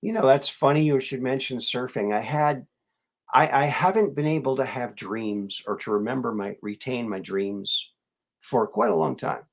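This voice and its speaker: A man's voice: mid-range voice, normal speed, creaky. A man hosting a casual live show, musing and rambling with many fillers and restarts as he greets viewers. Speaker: show host.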